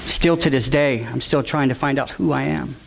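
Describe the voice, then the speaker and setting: A man's voice: mid-range voice, normal speed, vocal fry, slight background noise. A father giving an earnest, emotional testimony to a church audience, repeating key words for emphasis.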